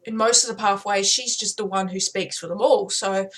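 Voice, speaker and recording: A young Australian woman chatting casually and excitedly about the voices she does, swearing freely. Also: medium pitch, normal speed. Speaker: video creator. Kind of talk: casual chat.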